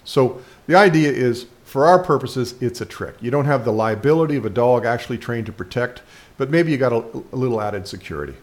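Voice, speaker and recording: A man's voice: medium pitch, a little fast. A man speaking as a dog trainer, giving casual instructional commentary with frequent fillers and restarts.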